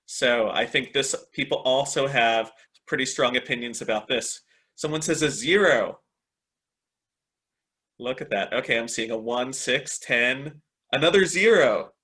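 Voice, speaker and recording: An upbeat man presenting a teacher webinar on a video call, with a bright, forceful voice. He keeps checking in with his listeners and praising their answers as he talks through a computer mic. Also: mid-range voice, unhurried. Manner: upbeat, repeats "excellent" and "right?" often. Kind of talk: online teacher training webinar.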